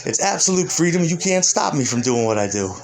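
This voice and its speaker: A man's voice: a little high, sing-song, brisk. A man, a musician, in a rambling and profane rant, combative and heated. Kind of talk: ranting monologue.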